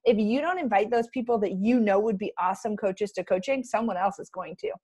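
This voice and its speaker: Woman, young adult, upbeat team coach, chatty, excitable, laughing asides, computer mic. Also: medium pitch, a little fast, breathy edge. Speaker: team coach leading a group call. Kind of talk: casual motivational team call.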